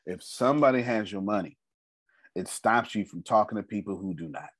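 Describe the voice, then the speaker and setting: A man's voice: fairly low pitch, brisk, fairly bright tone, husky, no room sound, studio quality. A man leading a group meeting with a motivational talk, emphatic and preachy, repeating his phrases and using casual slang. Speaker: meeting leader.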